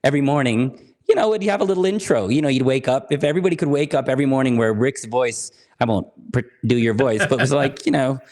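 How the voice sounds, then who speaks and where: A man's voice: mid-range voice, fast, a little mellow. A man from California, talking in a chatty, light-hearted way as a guest on a podcast interview. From California, United States.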